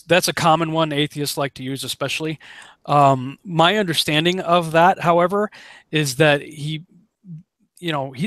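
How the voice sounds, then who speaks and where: A man leading a casual online Bible study, animated, acting out quotes in a raised voice and chuckling often. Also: on the high side, no echo. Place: home setup on a live broadcast.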